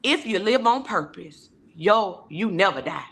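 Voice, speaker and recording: A woman speaks on a video call, giving a heartfelt testimony. Her voice is bright and forward, and her delivery is emphatic and preacher-like. She slips into other people's voices as she quotes them. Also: mid-range voice, lively intonation, measured pace. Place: virtual town hall video call.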